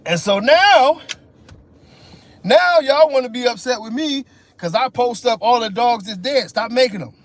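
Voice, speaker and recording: High-voiced man on a profane rant. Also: measured pace. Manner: profane, mocking, animated rant. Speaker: livestream host. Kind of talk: ranting live stream.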